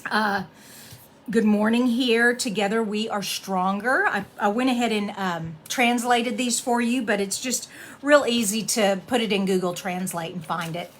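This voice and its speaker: A middle-aged woman hosting a casual card-making tutorial, chatting warmly and laughing as she reads sayings aloud. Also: mid-range voice, unhurried, slight background noise.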